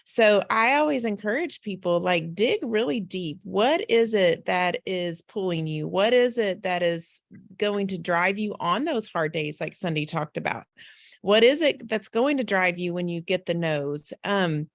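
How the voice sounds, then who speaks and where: Woman on a business call, candid and encouraging, gravelly voice, dry close sound. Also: mid-range voice, lively intonation, a little slow, no echo. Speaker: team leader and guest on a business call. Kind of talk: casual motivational sharing.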